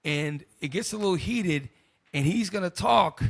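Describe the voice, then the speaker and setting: A man's voice: sits high, animated, moderate pace, gravelly, a bit bright, no echo, clean studio sound. A man hosting a group discussion, commenting bluntly and casually on news clips. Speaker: host.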